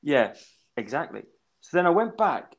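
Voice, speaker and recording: A man in his thirties from England, chatting on a casual podcast. He rambles through his stories with a lively voice that swings up and down in pitch, and he swears freely as he goes. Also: normal speed. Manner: rambling, animated storytelling with swearing. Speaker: podcast co-host. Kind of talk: casual chat.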